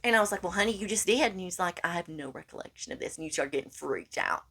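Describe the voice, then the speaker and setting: Animated woman telling a story. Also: deep voice, quick pace, creaky, slightly rough. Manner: animated, acts out quoted lines, calls listener honey. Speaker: podcast co-host. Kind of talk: casual storytelling chat.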